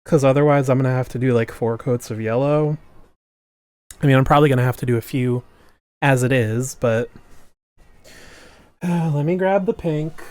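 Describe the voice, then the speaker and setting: A man's voice: on the high side, a little mellow. A man livestreaming while painting miniatures, chatting casually and jokingly with viewers, often trailing off mid-sentence, at a desk microphone. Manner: chatty and jokey, trails off and restarts. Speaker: streamer. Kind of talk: casual chat with stream viewers.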